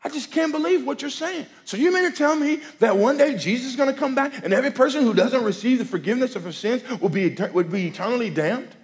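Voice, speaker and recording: Indignant skeptical college girl put on by a male preacher, raised pitch, exasperated. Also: lively intonation, fast, hardly any pauses, lightly acted. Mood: incredulous. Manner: exasperated, incredulous. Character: indignant young woman college student, skeptical.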